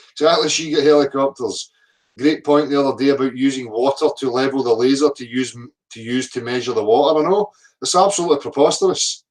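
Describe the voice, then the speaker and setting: A man's voice: medium pitch, fairly quick, darkish tone. A middle-aged man, ranting profanely at viewer comments, abrasive and mocking. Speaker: flat earth video commentator. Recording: voice a bit distant from the mic.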